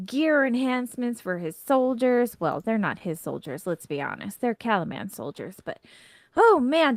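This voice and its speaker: A woman voicing a fussy, excitable female gnome inventor who rambles and gets huffy. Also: mid-range voice, no echo, natural voice.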